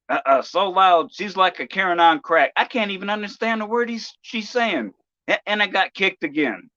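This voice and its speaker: A man's voice: sits high, sharp tone, no room sound, lo-fi sound. Stammering, profane man ranting on stream. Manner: halting, many restarts and stammers, profane. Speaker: live streamer. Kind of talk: casual livestream rant.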